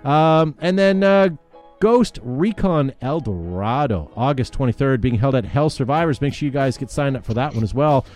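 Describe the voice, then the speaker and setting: A chatty male podcast host runs through announcements with plenty of ums and easy laughter. His voice sits at an ordinary middle pitch. Faint music plays behind him. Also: normal speed, darkish tone. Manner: chatty, laughs often, many fillers. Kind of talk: casual show announcements.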